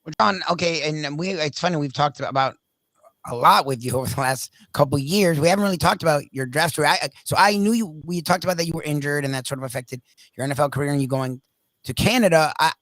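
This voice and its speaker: Young male co-host, quick and halting, slightly high voice, dry mic. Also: fairly bright tone, no room sound. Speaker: radio co-host.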